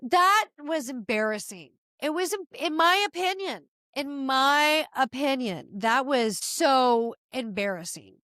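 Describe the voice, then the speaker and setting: A middle-aged woman hosting a podcast, giving opinionated casual commentary in an animated, exasperated rant with frequent asides. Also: high voice, slow, hardly any pauses, no echo, studio quality. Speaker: podcast host.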